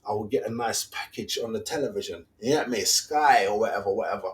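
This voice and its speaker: A man's voice: fairly low pitch, quick pace. A man, hosting a fan channel and ranting casually in slang, full of rhetorical questions.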